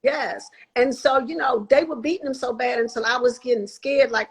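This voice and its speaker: A woman in her sixties, a guest telling her life story in an interview, animated and acting out the voices of people she quotes. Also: on the high side, moderate pace, hardly any pauses, breathy edge, low-quality recording. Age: 60s.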